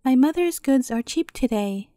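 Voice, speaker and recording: A woman's voice: sits high, animated, moderate pace, dark tone, dry recording, studio quality. A woman voicing a spirited young boy in a storybook who calls out his wares and speaks his mind. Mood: calling. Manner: calling out wares, outspoken. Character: spirited young boy, bold market seller.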